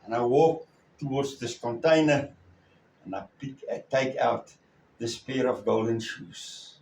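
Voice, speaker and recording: A man preaching a sermon as a story, with a slow, halting delivery and many pauses. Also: mid-range voice, a little mellow, a little hiss or hum. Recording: echoey room, far from the mic.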